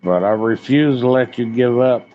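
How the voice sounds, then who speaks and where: A man's voice: medium pitch, moderate pace, highs cut off, a little hiss or hum. A man, a guest on a stream, joking bluntly. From West Virginia. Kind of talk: casual chat.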